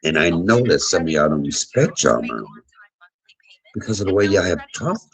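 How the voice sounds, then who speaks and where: A man's voice: low-pitched, sing-song, normal speed, gravelly, a bit bright, rough recording. A man in his fifties telling blunt, profane stories in a candid livestream monologue. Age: 50s. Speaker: livestream host.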